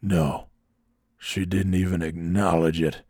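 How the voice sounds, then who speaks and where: A man voicing a fixated male coworker who complains in a slow, plodding drawl. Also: deep voice, little pitch movement, a little mellow, husky, no echo, studio quality, voice pushed down, heavily acted. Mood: aggrieved. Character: fixated man coworker griping about mayonnaise.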